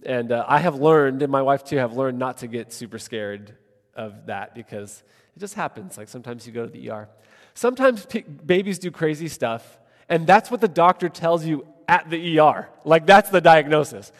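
A man's voice: fairly high pitch, lively intonation, moderate pace. A man in his thirties preaching a conversational sermon as a pastor, earnest and thinking aloud with many casual asides. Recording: long reverb of a large hall.

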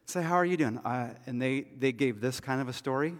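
Pastor preaching in a reverberant hall. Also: male voice, medium pitch, big pitch swings, a little fast, hardly any pauses. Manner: conversational, often drops to a hushed, intense tone. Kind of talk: sermon.

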